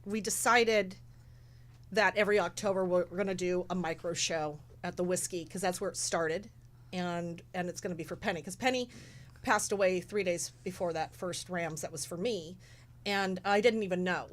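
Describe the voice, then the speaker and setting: A woman's voice: fairly low pitch, normal speed. Rambling emotional woman guest. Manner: rambling, emotional, acts out quotes. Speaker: guest, charity show organizer. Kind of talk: casual chat.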